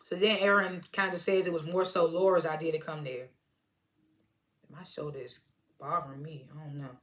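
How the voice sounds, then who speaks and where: A woman casually recapping a TV episode, in a loose slangy retelling full of "was like" and quick chuckles. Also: deep voice, steady tone, fairly bright tone. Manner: chuckles between lines. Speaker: TV episode reviewer.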